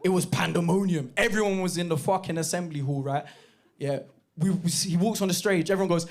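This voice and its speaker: A man performing a lively stand-up set, telling stories with shouted impressions. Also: on the high side, fairly quick. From Jamaican heritage, East London. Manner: animated storytelling with bursts of shouted impressions. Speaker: stand-up comedian. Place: comedy club stage. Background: audience laughter.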